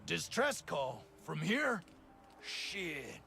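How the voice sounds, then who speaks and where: An actor playing a gruff, reluctant male security guard in a game, with rough backwoods grammar. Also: a little high, very animated, drawn-out words, pushed and bright, a little hiss or hum, exaggerated voice. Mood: grumbling. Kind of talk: game character dialogue.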